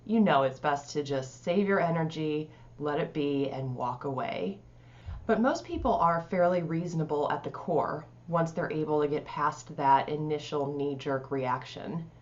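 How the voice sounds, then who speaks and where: A woman life coach giving calm, conversational advice, with frequent "you know" fillers. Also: low voice, dull audio. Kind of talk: casual advice talk to camera.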